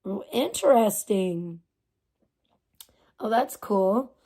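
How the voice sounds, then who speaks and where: A woman's voice: medium pitch, expressive, extremely slow, dark tone. A woman livestreamer chatting casually and ranting with lots of profanity while reading and answering chat messages. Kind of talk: casual live stream chat.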